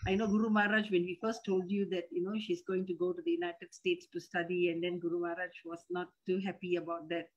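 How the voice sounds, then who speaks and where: A woman's voice: fairly low pitch, little pitch movement, fast, hardly any pauses, lo-fi sound. A middle-aged Malaysian woman with a Malaysian English accent, speaking respectfully and hesitantly to her teacher, often repeating words as she restarts. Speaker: disciple calling in with a question. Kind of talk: casual chat.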